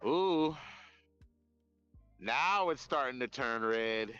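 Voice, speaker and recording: A man live-streaming outdoors at night on his phone, chatting in a rambling, profane, animated way. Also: mid-range voice, drawn-out words, clean tone, dry recording, muffled recording, soft background music. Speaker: livestreamer. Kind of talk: casual live-stream chat.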